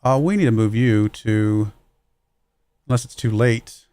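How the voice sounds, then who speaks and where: A man's voice: fairly low pitch, a little slow, dark tone, clean tone, no room sound. A man casually commenting while he plays a football management game on a livestream, thinking aloud and chuckling at his own slips. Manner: musing aloud, self-deprecating, chuckles at own mistakes.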